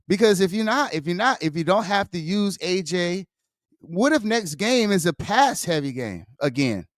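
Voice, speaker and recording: A man with a noticeably high voice ranting about sports as a podcast host. He talks casually and heatedly, swears freely and circles back on his words. The sound is dry and close, with no room around it. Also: very animated, normal speed, no echo. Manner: heated, profane, repeats himself.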